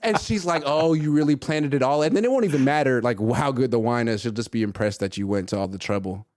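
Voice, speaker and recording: A man in his thirties hosting a casual sports talk show, reading chat comments and telling stories in a lively, self-mocking way. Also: medium pitch, quick pace, no room sound, studio quality. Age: 30s. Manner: animated, mimics voices in anecdotes, self-mocking.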